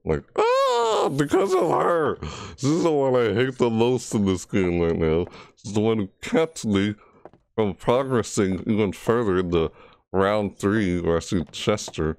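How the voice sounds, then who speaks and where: During live VR horror gameplay, a jumpy, frustrated man keeps breaking into frightened yelps and shrieks as he comments. He speaks a little slowly in a fairly low, darkish voice, with no room sound.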